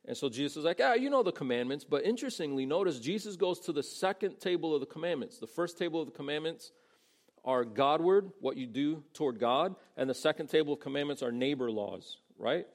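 Male pastor, gravelly voice, easygoing sermon delivery with quoted voices. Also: fairly high pitch, brisk. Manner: conversational, acts out quoted voices.

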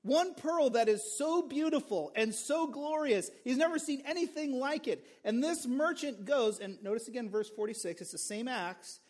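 A male pastor preaching a sermon in an animated, conversational way. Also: very high-pitched. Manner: animated, conversational, acts out characters.

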